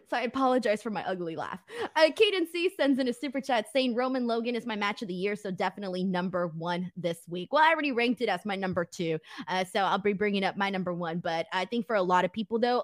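A woman's voice: mid-range voice, no room sound, clean studio sound. A woman hosting a casual podcast, chatty and giggly, saying "like" a lot as she reads viewer messages. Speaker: host.

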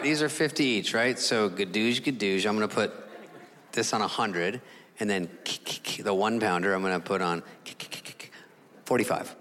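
A man doing stand-up comedy, animated, jumping into other voices and sound effects. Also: fairly low pitch. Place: comedy stage before an audience. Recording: live in a hall with crowd laughter.

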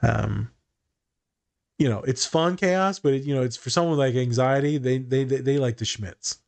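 A young man in a relaxed podcast chat, speaking at a mid pitch with a frank, profane delivery. He explains things as a therapist would, stumbling over repeated words and restarting thoughts as they come. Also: moderate pace, vocal fry. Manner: swears freely, quotes others in animated voices, repeats words. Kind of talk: casual podcast conversation.

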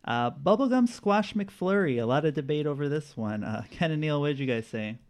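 A man's voice: fairly high pitch, lively intonation, a little fast. A man hosting a casual quiz game with friends, reading out answers in a laid-back way and laughing often. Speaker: quiz host. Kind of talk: casual group game chat.

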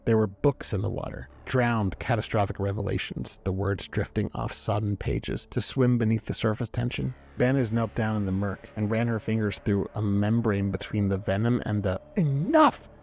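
Low, husky male storyteller. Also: steady tone, normal speed, hardly any pauses, darkish tone. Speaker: narrator. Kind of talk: storybook reading. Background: faint background music.

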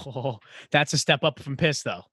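Bright-voiced young man hosting a podcast. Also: mid-range voice, a little slow, husky, no room sound, studio quality. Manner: loose, swearing, laughing often. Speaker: podcast host. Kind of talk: casual podcast chat.

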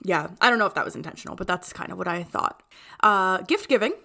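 A woman's voice: fairly low pitch, animated, fast, vocal fry, sharp tone. Chatty young woman podcast co-host. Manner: chatty, laughs often, retells scenes. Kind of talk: casual chat.

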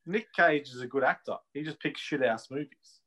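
A man's voice: mid-range voice, normal speed, bright, forceful tone, slight background noise. An Australian man chatting casually and giving opinions as a co-host of a wrestling podcast. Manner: chatty, opinionated, laughs easily. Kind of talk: casual chat.

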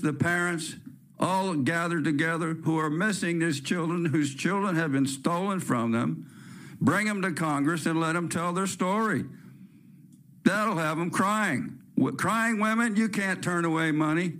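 An older man with a slightly high voice hosts a talk-radio show in a blunt, rambling rant. He jumps from one complaint to the next and keeps his opinions loud and plain. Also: measured pace. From California. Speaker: host. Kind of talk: ranting talk-radio monologue.

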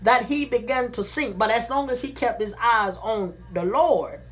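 A woman's voice: fairly high pitch, fairly bright tone. A woman preaching a sermon, reading Bible verses and then repeating and paraphrasing them in plain words. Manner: slow and deliberate, repeating phrases. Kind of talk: sermon, reading and explaining scripture.

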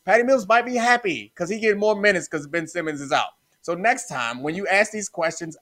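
A man's voice: high voice, sharp tone. A man who used to play pro basketball, co-hosting a sports podcast in a laid-back, self-deprecating way. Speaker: podcast co-host, former basketball player. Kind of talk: casual sports chat.

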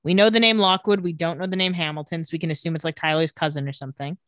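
Young woman gushing thru a tv recap, kinda low voice, dry close mic. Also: very fast, no room sound. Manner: animated, giggly, acts out quotes lightly. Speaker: podcast co-host recapping a TV episode. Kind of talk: casual chat, retelling scenes.

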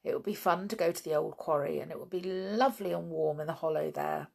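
A woman's voice: low voice, steady tone, moderate pace, gravelly. A woman reading a children's book aloud, with chatty asides to her listeners. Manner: chatty, informal asides between passages. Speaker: storyteller.

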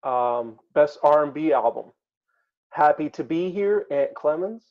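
A man's voice: on the high side, animated, measured pace, muffled recording. A man co-hosting a casual chat, talking hesitantly with many ums and uhs. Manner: hesitant, many fillers while reading lists. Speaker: podcast co-host.

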